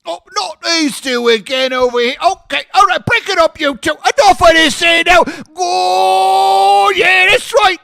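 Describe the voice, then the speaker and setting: A man putting on the voice of a bossy bystander who shouts at a couple to break it up, shrill and scolding. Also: a little slow, gravelly, few pauses, full character voice.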